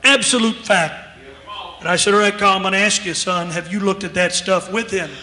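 A man's voice: sits high, fairly even intonation, moderate pace, pushed and bright. A man preaching a sermon in a church, telling a story emphatically and acting out both sides of a conversation. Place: church sanctuary. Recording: echoey church hall with long reverb.

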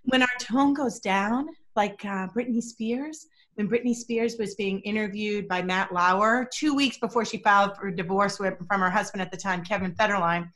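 A woman's voice: mid-range voice, steady tone, normal speed, fairly bright tone. A middle-aged woman, a body language expert, talking energetically and emphatically as a podcast guest. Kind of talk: podcast interview.

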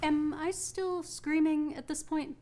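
An actress playing an indignant young actress on a film set who lectures a castmate in a pointed way. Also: female voice, high voice, fairly even intonation, slow pace, dark tone, a little hiss or hum. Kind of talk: student film acting.

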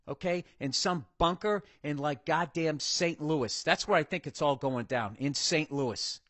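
A man's voice: a little high, a bit bright, no echo. A middle-aged American man hosting a podcast, ranting profanely through a comic monologue and mocking people in put-on voices. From United States. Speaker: podcast host. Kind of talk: comedic monologue rant.

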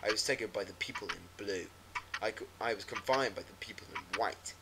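A man voicing a paranoid, despairing middle-aged aunt in a hushed, low voice, over a noisy recording with clicks and ticking. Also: a little fast, vocal fry. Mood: hopeless.

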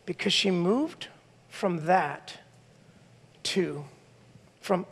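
High-voiced male pastor in a reverberant hall. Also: moderate pace. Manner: animated, conversational preaching, acts out quoted voices. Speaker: lead pastor. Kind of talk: sermon. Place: church sanctuary.

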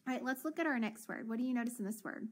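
A woman teacher leading a children's phonics lesson, encouraging and sounding out words slowly. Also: fairly high pitch.

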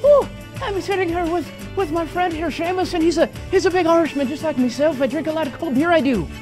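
A man's voice: extremely high pitch, fast talker, voice pushed up. A man putting on an exaggerated, poor mock Irish lilt as a boastful big Irishman, in a radio studio with music playing. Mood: hammy.

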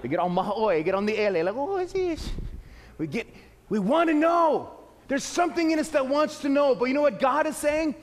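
A man preaching a playful, lively sermon to a church, swinging between loud exclaims and quiet asides. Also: extremely high pitch, a little fast. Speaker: pastor. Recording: echoey hall.

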